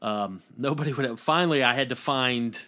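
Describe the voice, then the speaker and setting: A man's voice: medium pitch, brisk, sharp tone. A male comedian co-hosting a podcast, telling rambling anecdotes in casual chat, with frequent profanity.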